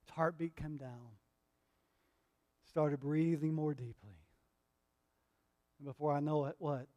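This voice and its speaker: A middle-aged man preaching a sermon as pastor, impassioned and building to loud repeated refrains, often checking in with the congregation. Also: on the high side, steady tone, slow. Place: church sanctuary. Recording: long hall reverb.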